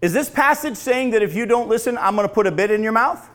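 A male pastor preaching a sermon, swinging from loud emphatic lines to hushed, slow, drawn-out phrases. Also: sits high, expressive.

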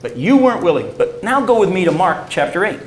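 Animated preaching man, echoey room. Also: a little fast. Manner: animated, swings from loud emphasis to low, quiet stresses. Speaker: pastor. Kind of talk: sermon with scripture reading.

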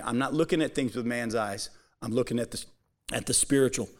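A man preaching a Bible-teaching sermon, speaking directly to his congregation and reading scripture aloud with slow emphasis. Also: mid-range voice. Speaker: pastor.

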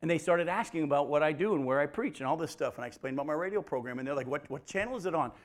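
A man's voice: a little high, very fast. A male preacher teaching the Bible in a conversational sermon, calling his listeners folks and asking them rhetorical questions.

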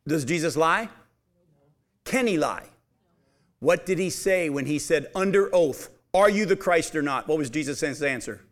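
A man's voice: sits high, animated, measured pace, a bit bright. A man preaching a sermon, reading Bible passages aloud and putting emphatic questions to his listeners. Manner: emphatic, asks the audience questions.

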